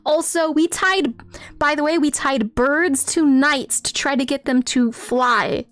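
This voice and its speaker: A woman's voice: sits high, unhurried. A woman streaming a game live, laughing often and talking to her chat while reading out game lines. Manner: giggly, animated, reads out game lines.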